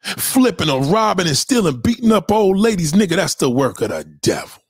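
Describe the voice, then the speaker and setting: A man with a high, husky voice holds forth on his livestream, preaching and picking fights. His pitch leaps up and down, and he swears constantly. The sound is dry, with no room around it. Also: very animated, brisk, no echo. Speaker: livestream host. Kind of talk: profane livestream rant.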